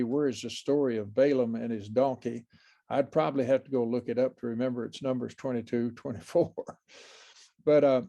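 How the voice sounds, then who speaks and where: A man's voice: mid-range voice, vocal fry, warm tone. An older man giving an informal Bible class lecture, rambling with many fillers and restarts and chuckling often.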